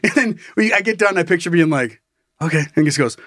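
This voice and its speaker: A man's voice: sits high, fast talker, no echo, clean studio sound. A man hosting a podcast, telling a story dramatically with swearing and laughs, in a casual chat style. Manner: animated, swearing, laughing at his own story. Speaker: podcast host.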